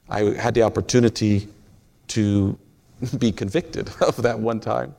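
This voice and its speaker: A man's voice: lowish voice, steady tone, a little slow, creaky, warm tone. A man preaching a sermon in a folksy, storytelling way, joking with the congregation.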